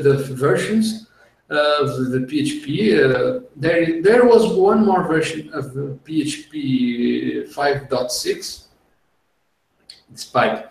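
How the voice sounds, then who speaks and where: Slow-talking man hosting a podcast. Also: medium pitch. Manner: unhurried, explanatory, laughs easily. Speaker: podcast host. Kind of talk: casual tech podcast chat. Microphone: video call. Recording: echoey room, far from the mic.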